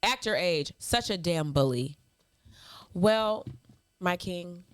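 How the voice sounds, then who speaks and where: A woman's voice: fairly low pitch, animated, takes it slowly, dry recording. A woman co-hosting a podcast, reading out nasty emails from viewers and answering them with mocking, sassy clapbacks and laughter. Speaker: podcast co-host. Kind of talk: casual chat, reading hate mail aloud.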